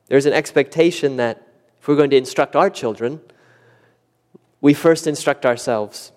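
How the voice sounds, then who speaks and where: A man preaching a sermon, animated and acting out quoted questions with a rising voice. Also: mid-range voice, normal speed, pauses often. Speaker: pastor. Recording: long church reverb.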